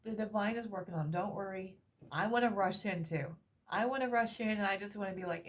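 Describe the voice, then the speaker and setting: A woman's voice: mid-range voice, a little fast, slight background noise. A woman giving a tarot reading, emotional and repetitive, swearing casually as she talks. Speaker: tarot reader.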